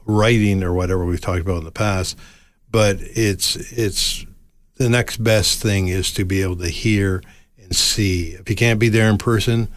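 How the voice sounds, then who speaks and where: An older man guest telling a personal story in a soft, reflective, halting way. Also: lowish voice.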